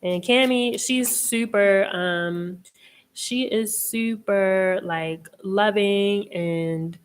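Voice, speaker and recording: A woman's voice: medium pitch, drawn-out words, clean tone. A woman hosting a live tarot chat, talking casually in a rambling way, laughing often and swearing freely. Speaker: host and tarot reader.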